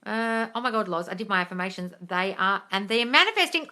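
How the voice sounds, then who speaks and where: A woman's voice: medium pitch, brisk, a little hiss or hum. A young adult woman hosting a casual live question-and-answer stream, blunt and sweary, calling her viewers darling. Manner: animated, jumps into loud excited bursts.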